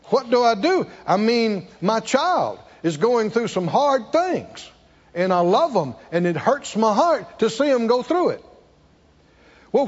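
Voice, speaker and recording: In this sermon, a male preacher with a high, lively, slightly husky voice swings between hushed tones and loud ones, speaking in rhetorical questions. The recording sounds dull and carries the long echo of a large hall.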